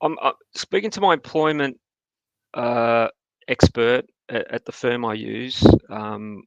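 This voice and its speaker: Brief: male guest, gravelly fry, dry close sound, straight-faced jokes. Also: mid-range voice, slow pace, no room sound, dull audio. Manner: deadpan mock-serious. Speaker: guest on live show. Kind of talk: casual banter.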